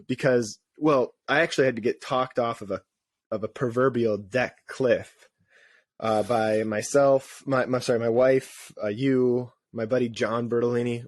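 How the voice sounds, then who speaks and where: A man's voice: mid-range voice, fairly even intonation, moderate pace, dry recording. Rambling self-deprecating man, dry close sound. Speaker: podcast co-host. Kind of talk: casual chat.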